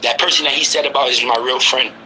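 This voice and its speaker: A man's voice: medium pitch, steady tone, fast talker, sharp tone, a little hiss or hum, rough recording. A man from Brooklyn, New York, in his forties, talking heatedly in casual conversation and insisting on his point with repeated questions. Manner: insistent, repeats himself, presses the listener with questions. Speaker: guest.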